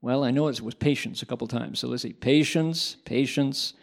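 A man voicing an anxious, excitable male high school teacher, with a gravelly voice and a raised pitch. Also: natural voice. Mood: worried eager. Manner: eager, worried and quick to get excited.

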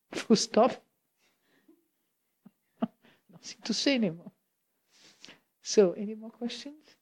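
A woman's voice: a little high, animated, slow, long pauses, a little mellow. French-accented woman, Buddhist teacher, loose chatty Q&A, laughs and checks in with the room. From France. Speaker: Buddhist teacher answering questions. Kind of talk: informal dharma Q&A talk.

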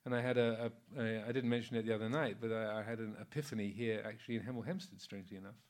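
A sixty-something monk gives an offhand Dharma talk, easygoing and anecdotal, with lots of fillers and chuckles. His voice is lowish and his delivery rapid-fire.

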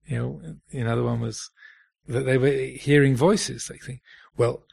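A man giving a reflective Dharma talk as a meditation teacher, pausing often and restarting his phrases. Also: mid-range voice, fairly even intonation, vocal fry, darkish tone, slightly rough. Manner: reflective, halting, many fillers and restarts.

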